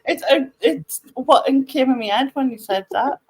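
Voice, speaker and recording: A woman's voice: high-pitched, normal speed, darkish tone, husky. A woman hosting a casual video-call chat, chatty and laughing often. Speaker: host of an online meet-up.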